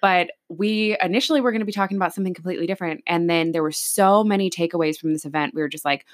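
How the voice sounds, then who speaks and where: A woman's voice: lowish voice, very fast. A woman co-hosting a podcast in casual chat, chatty and giggly, often filling with "like.". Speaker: podcast co-host.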